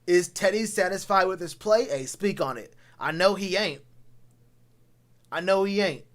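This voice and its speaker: A man's voice: high voice, measured pace. A man streaming a casual, slangy sports rant, blunt and repeating phrases for emphasis. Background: talks to a live chat.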